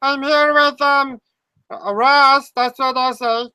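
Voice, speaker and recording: High, bright silly woman host. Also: steady tone, slow pace, no echo. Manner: silly, rambling, giggly. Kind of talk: playful comedic online talk show.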